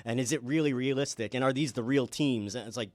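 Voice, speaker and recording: A man's voice: medium pitch, quick pace, dry recording. Man, podcast host, emphatic, enthusiastic, casual, close dry sound.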